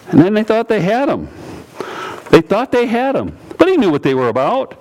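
Man, preacher, sermon, lively swooping pitch, repeats for emphasis. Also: moderate pace. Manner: animated, repeats phrases, quotes scripture in character.

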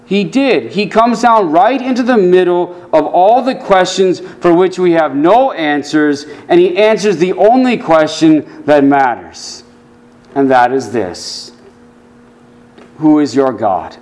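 Slow, earnest male preacher. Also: sing-song. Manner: earnest preaching, dropping low and soft for quoted scripture. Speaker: pastor. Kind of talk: sermon.

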